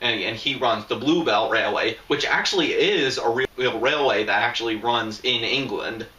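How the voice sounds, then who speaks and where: A young man hosts a casual show-and-tell review, rambling and restarting his sentences. His voice sits at a middle pitch with a bright, forward edge. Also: moderate pace, breathy edge, poor audio. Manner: rambling, lots of fillers and restarts. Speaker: video host.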